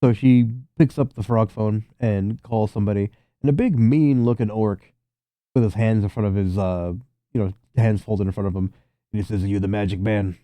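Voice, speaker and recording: A man running a tabletop game as game master, narrating in a relaxed, casual way. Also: lowish voice, moderate pace, dry recording.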